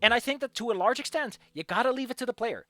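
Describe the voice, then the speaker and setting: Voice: medium pitch, expressive, quick pace, fairly bright tone. A streamer giving casual gaming commentary, opinionated and ranting, often restarting mid-thought.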